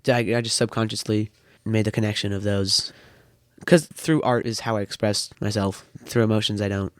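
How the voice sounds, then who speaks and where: A man's voice: lowish voice, level tone, normal speed, smooth, no echo. A thirteen-year-old boy chatting casually as a podcast guest, rambling with a dry wit. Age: teens. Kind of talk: casual chat.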